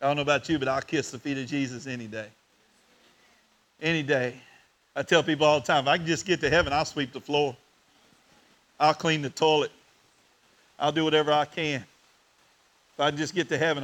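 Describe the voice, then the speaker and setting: A man preaching to his congregation, his voice climbing to loud and then sinking to a near whisper. His tone is bright and a little high for a man. He tells the story with open emotion. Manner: emotional, swings between loud and hushed. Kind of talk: sermon.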